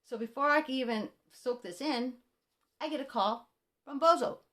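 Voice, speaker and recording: A woman's voice: sits high, moderate pace, fairly bright tone. A woman in a heated, indignant personal rant about a music publishing dispute, retelling phone calls and her own replies. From Mexican-American.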